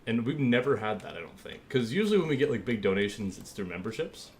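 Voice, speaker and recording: This man's fairly low voice is very animated and fast, with a little hiss or hum in the recording. He streams casually, rambling easygoingly and leaning on lots of fillers as he thinks aloud, thanking viewers while he works.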